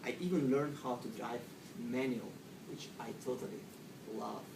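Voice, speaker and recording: A middle-aged man with a Russian accent tells a humorous story to an audience. He is animated, acts out panicked quotes, and speaks slightly broken English. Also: medium pitch, normal speed, vocal fry. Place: room with a live audience. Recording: echoey room from far off, noisy ambience.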